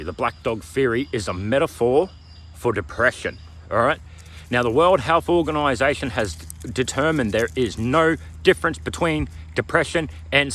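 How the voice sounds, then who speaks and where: Preachy Australian man, lively pitch. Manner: emphatic and preachy, repeats slogans, keeps asking "all right?". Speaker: motivational vlogger. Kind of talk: motivational self-help monologue.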